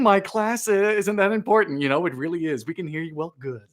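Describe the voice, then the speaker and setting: A man's voice: sits high, a little fast. A playful young man hosting a live baking stream, chatting and joking as he reads viewer comments aloud. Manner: playful, jokey, animated. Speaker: baking livestream host.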